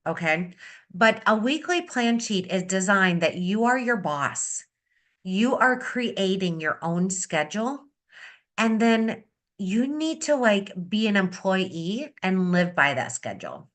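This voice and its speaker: Bright upbeat woman coaching on a call. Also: medium pitch, slow. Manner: upbeat, energetic, repeats key advice. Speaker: beauty consultant leading a sales training. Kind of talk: coaching talk on a video meeting. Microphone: video call.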